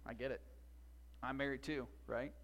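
Pastor preaching with hushed emphasis. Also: male voice, mid-range voice, steady tone. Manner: emphatic, with long pauses and drops to a hush. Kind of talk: sermon.

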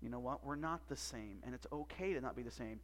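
A man preaching a sermon as pastor, emphatic, with long pauses and drops to a hush. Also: medium pitch.

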